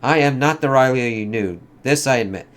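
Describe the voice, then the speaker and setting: A man's voice: medium pitch, a little fast, smooth, pitched above the performer's own voice, lightly acted. A man voicing a proud, fierce female warrior from a comic, speaking solemnly and formally.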